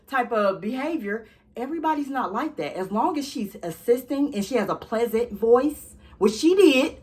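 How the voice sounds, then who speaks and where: A young woman vlogging, telling a storytime straight to her viewers in a sassy, animated way. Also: on the high side, moderate pace, a little hiss or hum. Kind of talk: casual storytime chat.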